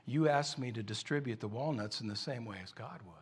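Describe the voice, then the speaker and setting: A man voicing a wise elderly village man who speaks low, soft and unhurried, while telling a story in a sermon. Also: husky, natural voice. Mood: calm.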